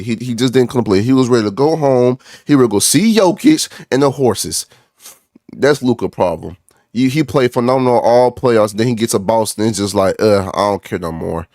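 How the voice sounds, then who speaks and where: In a ranting sports reaction vlog, a young basketball fan sounds frustrated and repetitive, naming players and saying "bro" a lot. His voice is lowish and darkish, recorded at studio quality with no echo.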